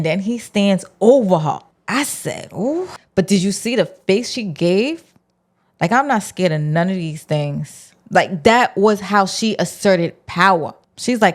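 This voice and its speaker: A woman's voice: medium pitch, animated, measured pace. A woman hosting her own channel, recapping a TV episode in a casual, slangy way and acting out her reactions as she goes. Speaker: show recap host.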